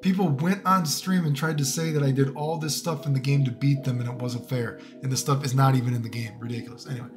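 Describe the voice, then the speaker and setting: A man's voice: medium pitch, steady tone, fast, few pauses. Ranting man with music behind. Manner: casual, profane, rambling, with many fillers. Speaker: fighting game streamer and commentator. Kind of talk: ranting commentary.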